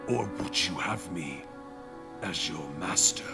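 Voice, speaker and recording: A man playing an ancient spirit with a cold, commanding presence. It talks slowly and low, with lively swoops in its pitch. The menace never lets up. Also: gravelly, over loud music, full character voice. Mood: menacing. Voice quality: slow, low and looming.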